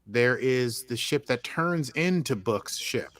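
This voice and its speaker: A man's voice: mid-range voice, lively intonation, slow pace, a bit bright. An American man co-hosting a podcast, chatting casually and rambling through an episode recap with lots of fillers and restarts. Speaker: podcast co-host.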